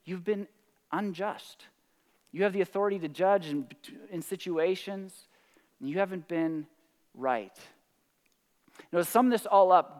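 A man preaching a sermon, with lively, animated delivery and acted-out quotes. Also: high voice, big-room sound. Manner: animated preaching, voicing God's words with rising intensity. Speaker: pastor.

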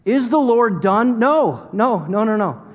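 Animated male pastor in reverberant hall. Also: sits high, unhurried. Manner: animated and playful, dropping to soft earnest tones. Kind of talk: sermon. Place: church hall.

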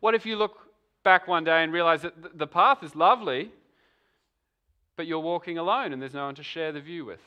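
A man's voice: fairly high pitch, a little fast, clean tone, lo-fi sound. A man preaching a conversational sermon, asking many rhetorical questions.

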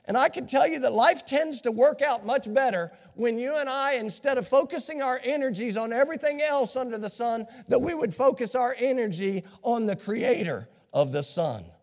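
Male pastor with a high voice, under the weather, preaching hard in a big echoing sanctuary. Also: lively intonation, normal speed, few pauses. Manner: impassioned preaching, swings from hushed to shouting. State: scratchy throat from a cold. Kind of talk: sermon. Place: church sanctuary. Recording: long reverb of a large hall.

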